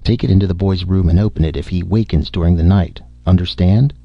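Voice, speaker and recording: A man reading the part of a gruff, teasing family doctor with folksy speech, in a deep voice. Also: a little fast, dry recording, muffled recording.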